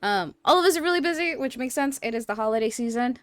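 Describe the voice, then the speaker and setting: A woman's voice: sits high, lively intonation, a little fast, no echo. A young woman hosting, chatting casually as she wraps up a game session. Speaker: stream host and player. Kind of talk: casual chat wrapping up a stream.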